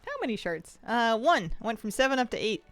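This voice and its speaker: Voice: mid-range voice, very animated, a little fast, fairly bright tone. A game streamer chatting casually while playing, reading viewer questions aloud and laughing often. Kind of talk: casual chat while gaming, answering chat. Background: faint game music.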